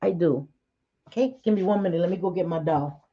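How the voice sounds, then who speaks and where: Middle-aged woman, livestream host, mellow voice, chatty and laughing, dull lo-fi audio. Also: fairly low pitch, a little fast, slightly rough. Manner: chatty, laughs often, talks to viewers by name. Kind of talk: casual livestream chat.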